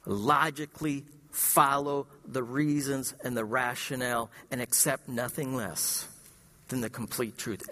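A male pastor preaching a sermon, emphatic, firing rhetorical questions and swinging between loud and hushed delivery. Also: medium pitch, long reverb tail.

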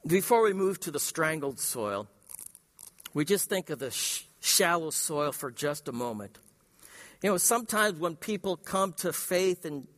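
Pastor, male, slow deliberate delivery, slightly high voice, long church reverb. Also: a bit bright. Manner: emphatic preaching with repetition and slow dramatic pauses. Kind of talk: sermon. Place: church sanctuary.

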